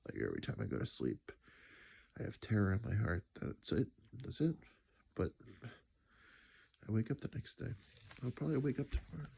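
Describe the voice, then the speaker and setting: Grieving man with a gravelly, husky voice. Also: lowish voice, wildly swooping pitch, fairly quick, pauses often, darkish tone. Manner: reflective, rambling, drops to near-whispers. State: grieving, sighing. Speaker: vlogger. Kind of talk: personal storytelling monologue.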